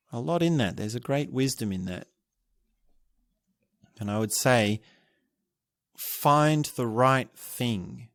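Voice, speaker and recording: A man hosting a podcast alone, musing and thinking aloud, restarting his sentences and chuckling softly as he reflects. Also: lowish voice, no echo, clean studio sound. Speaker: podcast host. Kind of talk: reflective solo podcast talk.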